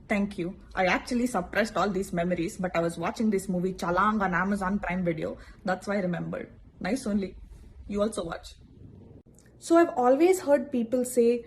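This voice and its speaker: Young woman, sarcastic comic rants, kinda high voice, very animated. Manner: animated, sarcastic, breaks into acted quotes and yelling. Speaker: comedy sketch creator. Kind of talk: comic monologue sketches.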